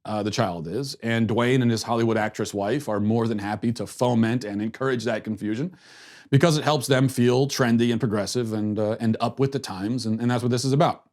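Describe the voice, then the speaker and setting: A middle-aged man hosts a political commentary podcast, his voice at an ordinary middle pitch. He talks in a sarcastic, mocking way, and he often restarts his sentences and repeats words as he goes. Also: steady tone, fairly quick, a little mellow. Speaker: host.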